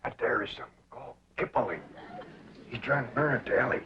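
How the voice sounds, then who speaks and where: An actor playing a plainspoken middle-aged hillbilly father with a slow, dry drawl, on noisy old TV sound. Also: medium pitch, animated, lightly acted. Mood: dry calm. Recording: dull 1960s TV sound, noisy.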